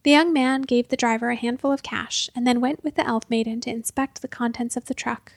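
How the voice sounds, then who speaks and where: A woman narrating a storybook with an expressive, measured delivery. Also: on the high side, creaky, no echo.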